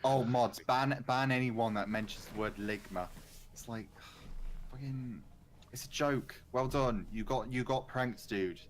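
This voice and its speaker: A man's voice: medium pitch, unhurried, slight background noise. A man hosting a casual chat podcast, joking and blunt, swearing freely. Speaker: podcast host.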